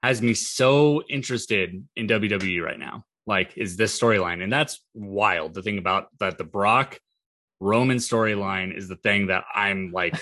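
A man talking casually on a wrestling podcast, stumbling through restarts and fillers. His voice is bright and forceful. The room sounds dry and close. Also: fairly low pitch, dry recording. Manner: halting, filler-heavy, profane. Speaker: podcast co-host.

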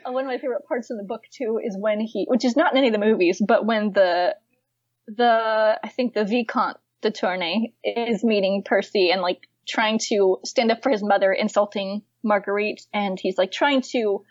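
Young woman chatting about a book and its film versions, bit high voice, giggly, dull dry lo-fi audio. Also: no echo. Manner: lively, giggly, many fillers. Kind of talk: casual chat about books and films.

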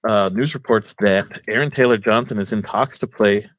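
A man's voice: lowish voice, normal speed, no room sound. A man hosting a casual chat, swearing often and stumbling over his words.

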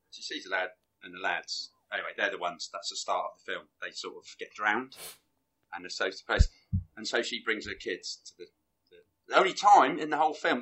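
A man in casual chat, rambling excitedly through a film plot with bursts of laughter. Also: fairly low pitch. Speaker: film reviewer guest.

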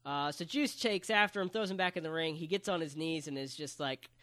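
A man's voice: on the high side, a little fast, bright, forceful tone. A man casually recapping a wrestling show for a podcast, walking through it step by step and dropping in jokes. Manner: joking, play-by-play recap. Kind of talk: casual chat.

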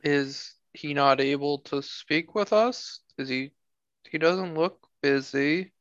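A man playing a tabletop game, making slow offhand remarks. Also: on the high side, fairly bright tone, dry recording, lo-fi sound. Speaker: player. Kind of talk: casual tabletop play.

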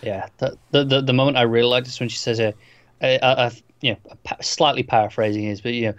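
A man's voice: medium pitch, little pitch movement, no room sound. A man with a mid-range voice co-hosts a casual podcast about a TV show. He halts often and repeats words while he hunts for the right phrase. His mic sounds dull and lo-fi, and the recording is dry. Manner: halting, repeats words while searching for them. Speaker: podcast co-host. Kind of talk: casual TV episode discussion.

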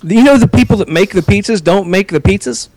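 A man with a high-pitched voice tells a long, rambling story in casual podcast chat. He swears freely, and the sound is dry and close, with no room echo. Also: animated, fairly quick, darkish tone. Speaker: podcast co-host.

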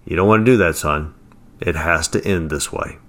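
A man reading as Sam Adams, a calm graying gentleman. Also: fairly low pitch. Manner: calm, firm and measured. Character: calm, confident graying gentleman, a time guardian.

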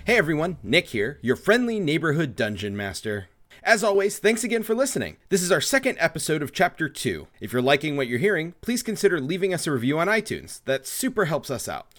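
A man's voice: fairly high pitch, big pitch swings, brisk, a bit bright. A man narrating as dungeon master of a tabletop role-play podcast, telling the scene and talking with players.

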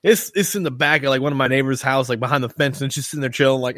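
A man's voice: mid-range voice, rapid-fire, few pauses, fairly bright tone, dry recording, clean studio sound. A man hosting a podcast, telling a story in a rambling, casual way, swearing often. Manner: rambling, swears a lot, lots of fillers. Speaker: podcast host.

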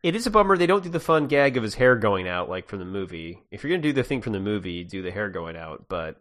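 A man's voice: fairly low pitch, big pitch swings, fast talker, a bit bright. A man co-hosting a podcast, chatting casually about a video game with dry, wry jokes and short replies. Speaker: podcast co-host.

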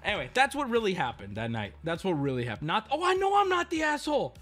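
A man streamer telling a ranting story, animated and profane, with sudden outbursts. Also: high voice, quick pace. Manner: animated, swearing, mock voices and sudden outbursts.

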